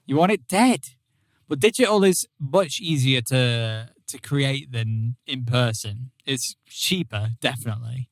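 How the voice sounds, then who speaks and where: A man co-hosting a casual gaming podcast, chatty and quick to restart his sentences. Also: medium pitch, no room sound, clean studio sound. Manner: chatty, restarts and repeats words. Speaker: podcast co-host. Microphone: podcast microphone.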